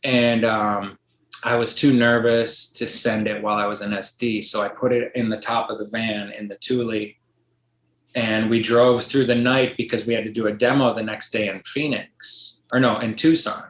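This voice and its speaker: A man's voice: on the low side, flat delivery, normal speed, fairly bright tone, slight background noise. Middle-aged guy rambling thru a story on a podcast, tons of likes and ums, kinda echoey room. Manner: rambling, lots of likes and ums, acts out quoted voices. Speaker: podcast guest. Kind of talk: casual storytelling. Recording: roomy echo.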